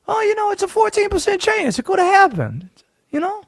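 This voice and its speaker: A radio host putting on an excitable male conspiracy theorist with a showy put-on Southern US accent. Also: very high voice, fairly quick, vocal fry, no room sound, pitched above the performer's own voice, full character voice. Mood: insistent. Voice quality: drawling, showy, rising and falling wildly. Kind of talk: comic put-on voice on sports talk radio.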